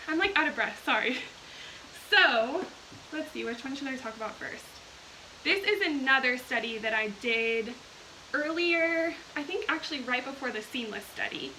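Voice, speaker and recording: High bright gushing young woman. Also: slight background noise, low-quality recording. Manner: gushing, enthusiastic, reads viewer comments aloud. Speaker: host of a live video. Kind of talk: casual chat to live viewers.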